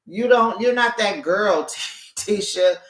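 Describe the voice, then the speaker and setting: Sassy slow-talking recap host, echoey room. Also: mid-range voice. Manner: sassy, animated, laughs often, calls listeners honey and baby. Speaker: reality show recap host. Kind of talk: casual chat recap.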